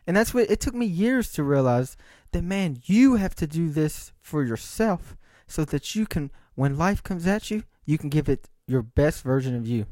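A man's voice: fairly high pitch, big pitch swings, normal speed, dark tone, no room sound, clean studio sound. A man talking to camera in a rambling, profane monologue, checking in with frequent "right?" asides. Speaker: vlogger.

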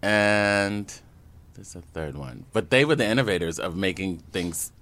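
A man co-hosting a podcast in easygoing, casual chat, quick to react and laugh. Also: fairly low pitch, a bit bright. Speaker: podcast co-host.

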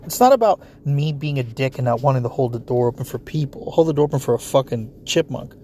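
A man's voice: mid-range voice, fast, a little hiss or hum. A man in a blunt, profane ranting monologue, talking straight at his listeners with heavy swearing. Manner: animated, talks straight at listeners. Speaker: solo commentator.

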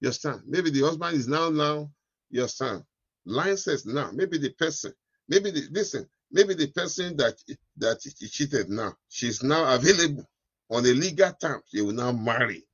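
Husky guy preaching a sermon, says everything twice, bit muffled audio. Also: a little high, animated, normal speed, no echo. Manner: repetitive, emphatic preaching. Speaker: pastor.

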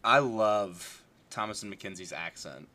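A man's voice: fairly low pitch, measured pace, bright, forceful tone. A young man chatting casually about a movie, rambling with lots of fillers and restarts.

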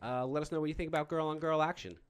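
A man's voice: a little high, very fast, smooth. A man co-hosting a casual podcast, joking and wrapping up the show. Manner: animated, jokey, wraps up the show. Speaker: podcast co-host.

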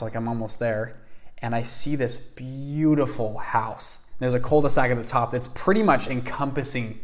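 A young man tells a personal story with lively energy, dropping to a hush and then rising loud as he acts out the people he quotes. His voice sits at a middle pitch for a man. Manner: animated, acts out quoted voices, swings between hushed and loud. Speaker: entrepreneur telling a personal story. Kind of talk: storytelling monologue.

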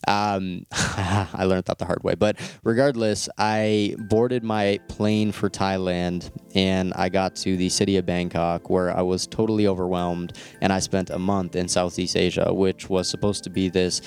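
A man's voice: sits low, little pitch movement, measured pace, gravelly, a little mellow. A man telling a candid personal story who swears freely and laughs mid-sentence.

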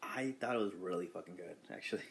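A man with a lowish voice chats casually about films. He is relaxed and loose, drops curse words without effort, and often leaves a thought half-finished before starting the next. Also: fast talker, creaky, slight background noise. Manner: laid-back, swears freely, trails off mid-sentence. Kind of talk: casual chat about movies.

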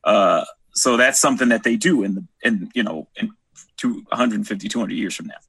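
Male podcast panelist, lowish voice, dry close sound, calm explainer. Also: moderate pace, creaky, breathy edge, dry recording. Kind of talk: casual explanation.

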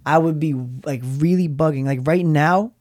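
Brief: male podcast guest, warm low-edged tone, restarts a lot, talks marriage casually. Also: fairly even intonation, normal speed. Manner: rambling, repeats words, acts out quotes. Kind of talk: casual faith chat.

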